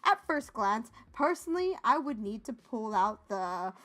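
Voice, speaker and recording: A woman's voice: a little high, very animated, a little slow, fairly bright tone. A young woman co-hosting a podcast, chatting casually and sarcastically, often laughing. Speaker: podcast co-host. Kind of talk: casual chat.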